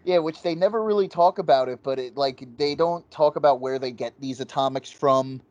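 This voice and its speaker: A man co-hosting a casual movie review chat, talking excitedly and swearing often. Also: mid-range voice, fairly quick, dry recording, highs cut off. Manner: excited, profane, quotes scenes in goofy voices. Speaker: podcast co-host.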